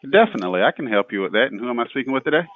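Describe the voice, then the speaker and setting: A man's voice: medium pitch, very animated, rapid-fire. A man playing a tire shop service rep in a practice call, polite and scripted. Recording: dry, tinny phone-like line.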